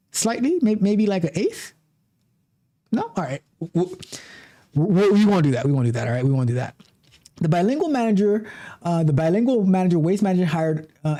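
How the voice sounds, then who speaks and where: Guy on a stream reading an article out loud, warm mellow voice, keeps tripping over words and jumping in with comments. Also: high voice. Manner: animated asides, frequent restarts and repeated words. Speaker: livestream host.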